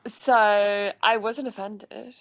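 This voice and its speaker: A woman's voice: mid-range voice, steady tone, extremely slow, a bit bright. A woman chatting casually on a live stream, giggly and teasing. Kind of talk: casual chat.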